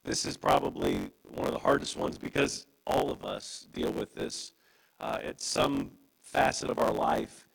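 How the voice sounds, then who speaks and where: Gravelly impassioned pastor preaching. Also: male voice, wildly swooping pitch, a little slow, rough recording. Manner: impassioned preaching with wide pitch swings. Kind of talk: sermon.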